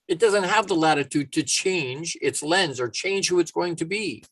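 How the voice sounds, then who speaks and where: A man giving a casual motivational talk, animated and storytelling, acting out little quoted voices. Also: fairly high pitch, normal speed, hardly any pauses, husky, dry recording. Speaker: motivational speaker.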